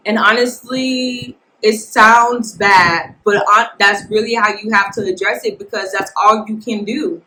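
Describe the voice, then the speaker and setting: A woman hosting a casual podcast, telling a work story in a blunt, animated way and talking straight to her listeners. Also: mid-range voice, moderate pace, few pauses, slight background noise, poor audio. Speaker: nurse podcast host. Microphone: podcast mic, filmed for video.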